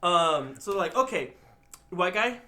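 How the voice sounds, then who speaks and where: A man with a high, very lively voice, co-hosting a casual movie-review podcast. He jokes around and jumps into characters as he goes. His tone is bright and sharp. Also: slow. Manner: joking, animated, acts out characters. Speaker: podcast co-host.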